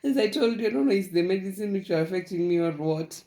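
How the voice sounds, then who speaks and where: A woman's voice: medium pitch, lively intonation, fast talker, warm tone. A young woman, telling her own story in a casual vlog, rambling and repeating herself with frequent laughs. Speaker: vlogger. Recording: echoey room.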